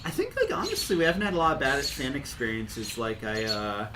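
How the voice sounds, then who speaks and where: A man's voice: medium pitch, wildly swooping pitch, a little fast, background noise. A man, a band member, talking in an easygoing casual chat.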